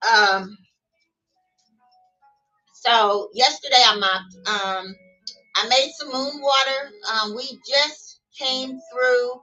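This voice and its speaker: A middle-aged vlogger chats casually about spiritual matters to her camera at home, folksy and talkative, often laughing and calling her viewers y'all. Her voice is on the high side, pushed and bright, very slow with frequent pauses. A TV and music play in the room, and the distant mic picks up faint music behind her.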